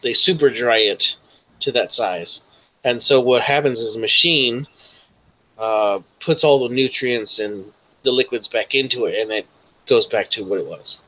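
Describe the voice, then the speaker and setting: A man's voice: mid-range voice, a little slow, pushed and bright. A man running a tabletop game, narrating in a loose, rambling way with fillers. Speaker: game master.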